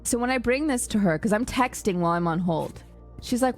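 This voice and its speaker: A woman's voice: mid-range voice, a little fast, soft background music. A young woman streamer telling a story to her chat in a casual, exasperated rant, acting out the other people's lines. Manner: exasperated, animated retelling with quoted dialogue.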